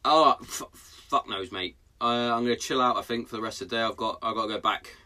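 This podcast host is a man in his thirties recording a casual chat from his garden shed. His lowish voice moves fast and comes across pushed and bright, and his banter is blunt and full of swearing.

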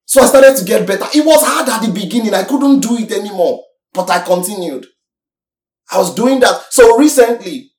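A young man from Nigeria, preaching a sermon in an animated, exhorting way with sudden swings in pitch and loudness. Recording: roomy echo, mic from far off.

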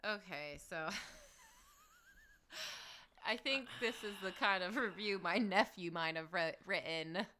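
A woman co-hosting a casual movie review podcast, animated and swearing casually. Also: lowish voice, slow, long pauses, a little hiss or hum. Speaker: podcast co-host.

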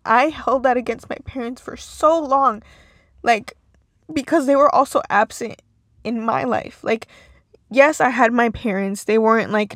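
A woman's voice: medium pitch, no echo. A young woman speaks in a mid-range voice, candid and a little emotional, her speech full of "like" and restarts. The sound is dry and close, with no room around it. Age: young adult. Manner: casual, emotional, filler-heavy with many "like"s. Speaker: podcast host. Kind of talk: personal monologue.

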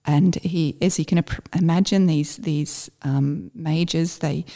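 A middle-aged woman recounts her army days in a relaxed, conversational way. Her voice sits low and gravelly with a warm, mellow tone. She talks haltingly, with plenty of fillers and restarts. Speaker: former army officer telling a story. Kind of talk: conversational storytelling.

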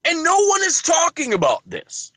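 Male podcast host, high bright voice, emphatic ranting delivery. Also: huge pitch swings, normal speed, dry recording. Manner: emphatic, ranting rhetorical questions. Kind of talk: wrestling podcast commentary.

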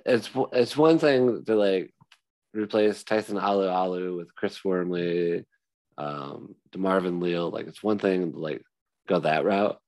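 Low gravelly-voiced male podcast co-host. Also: a little slow. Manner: relaxed, many fillers like "like". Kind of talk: casual sports chat.

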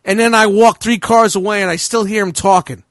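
A man from New Jersey telling a story in casual chat, profane and animated, acting out both sides of the argument. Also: high voice, brisk, no room sound. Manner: profane, animated, reenacts dialogue.

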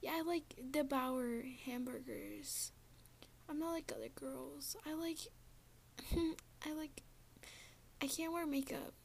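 Smug sing-song "not like other girls" girl, as a woman mocks her, higher, half whispered. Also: steady tone, slow, vocal fry, pauses often, a little hiss or hum, heavily acted. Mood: mocking.

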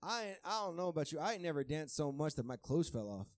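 A man preaching a sermon in a conversational, joking way, who swings from quiet asides to shouted, half-sung praise. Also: a little high, big pitch swings, fast talker, no room sound, clean studio sound. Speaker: pastor.

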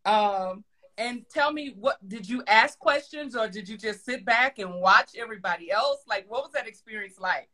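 Woman, talk show host, excitable, gushing, casual chat. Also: on the high side, moderate pace.

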